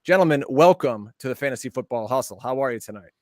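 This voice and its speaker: A man hosting a sports podcast with upbeat, chatty banter and quick promotional plugs over what sounds like a video call. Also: mid-range voice, expressive, darkish tone, no echo, studio quality. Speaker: podcast host. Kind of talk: lively show hosting, casual banter.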